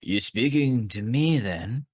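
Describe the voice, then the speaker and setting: Man doing a gruff imposing investigator. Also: medium pitch, expressive, takes it slowly, no echo. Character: imposing male traveling investigator. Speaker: player.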